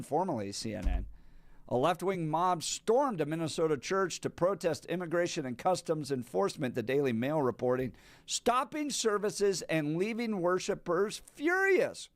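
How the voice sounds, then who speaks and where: Sarcastic talk radio host, lively. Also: male voice, on the high side, moderate pace, dry recording. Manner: sarcastic, reads news aloud with commentary. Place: radio studio. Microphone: studio microphone.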